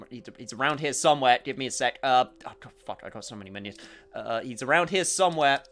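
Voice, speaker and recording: A man streaming a video game, talking casually, excitable and flustered, swearing a lot. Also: medium pitch, fairly quick, faint music behind. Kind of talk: casual gameplay commentary.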